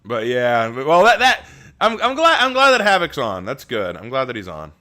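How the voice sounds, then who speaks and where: A male streamer talks in a bright, ringing voice that swings up and down as he chats with his viewers live. He jokes around, laughs a lot and stumbles over words as he restarts them. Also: medium pitch, wildly swooping pitch, moderate pace. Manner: chatty, joking, laughs often, restarts words. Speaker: streamer reacting live and reading chat. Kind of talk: casual live-stream chat.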